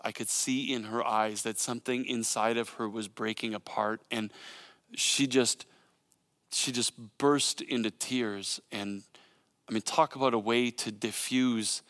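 A man in his thirties preaching a sermon, moving between impassioned, repetitive preaching and quiet personal storytelling. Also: medium pitch, clean tone, no room sound, clean studio sound. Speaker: pastor.

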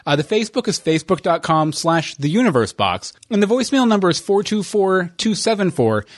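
A young man with a fairly high voice rambles through a self-deprecating story on a podcast. His many fillers and restarts give it a loose, casual feel. The sound is dry and close. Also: sing-song, a little fast, no room sound. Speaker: podcast co-host. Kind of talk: casual chat.

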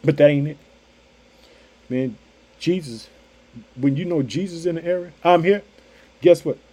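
A man preaching a sermon with emphatic, repetitive phrasing, swinging between loud outbursts and hushed asides. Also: fairly high pitch, moderate pace, husky.

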